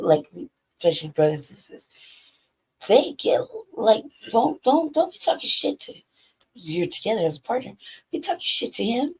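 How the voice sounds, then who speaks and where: A woman in casual chat, animated, laughing often and swearing freely. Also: medium pitch, creaky, slightly rough.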